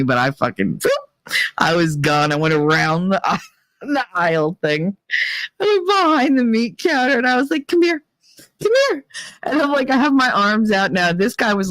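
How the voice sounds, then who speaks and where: A woman talks straight to her listeners in a loose, confessional storytelling style. Her pitch leaps high whenever she acts out what she said, then settles back down. The recording is close and dry with no room sound. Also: dry recording. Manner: chatty and animated, swearing, laughing, squealing acted-out quotes. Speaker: podcast host. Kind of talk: casual storytelling monologue.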